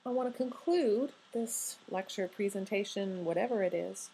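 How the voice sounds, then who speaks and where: A woman lecturing on grammar in a relaxed, wry way, pausing to ask her students questions. Her voice sits at a middle pitch. A faint hiss and some room ambience run underneath. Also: creaky, rough recording. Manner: wry, conversational, asks rhetorical questions. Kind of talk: recorded lecture.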